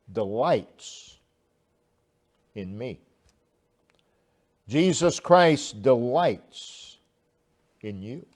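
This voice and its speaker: A man preaching a sermon, slow and deliberate, with long pauses and swelling emphasis. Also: mid-range voice, a little mellow. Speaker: pastor.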